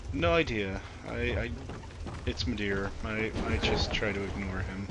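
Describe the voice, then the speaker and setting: Brief: stammery co-player, lowish voice, heavy background noise. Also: male voice, a little slow. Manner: hesitant, stumbles and repeats words. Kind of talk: casual gaming stream chat. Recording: very noisy voice chat.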